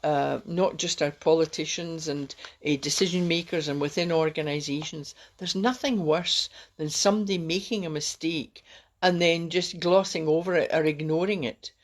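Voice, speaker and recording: A woman's voice: sits low, steady tone, moderate pace. A middle-aged woman, hosting a rambling, encouraging self-help talk on a live stream. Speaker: host.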